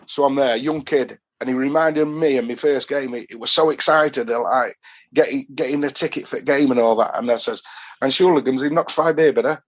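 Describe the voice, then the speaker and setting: A man's voice: mid-range voice, brisk. Chatty Yorkshire man telling yarns. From England. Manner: rambling storyteller, chatty and broad. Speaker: guest, football fan. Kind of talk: casual anecdotal chat.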